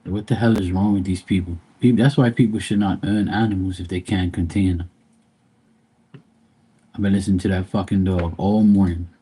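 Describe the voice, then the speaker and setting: Guy on a live stream, cussing a lot, low husky voice, kinda dark and mellow. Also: fairly even intonation, moderate pace. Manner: blunt, profane, rambling. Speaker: livestream host. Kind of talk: casual live-stream chat with viewers.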